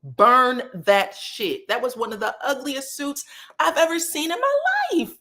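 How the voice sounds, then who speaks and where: A sassy woman talks straight to her live-stream chat, recapping a reality show in a loose, casual way. She swears freely and drops into quick impressions of the people she quotes. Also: high voice. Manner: animated, sassy, profane, quotes people in put-on voices.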